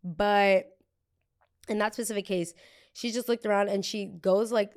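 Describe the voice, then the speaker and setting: A blunt, animated young woman from New Jersey hosting a casual storytime podcast. She swears freely and acts out what other people said. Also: mid-range voice, measured pace. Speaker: podcast host.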